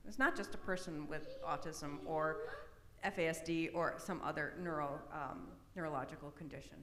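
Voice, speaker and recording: Middle-aged woman, low-ish voice, chatty presenter, roomy hall reverb. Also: fairly even intonation, moderate pace, a crowd in the background. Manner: conversational, frequent tag questions. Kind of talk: autism awareness talk. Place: church hall. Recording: echoey hall, long reverb.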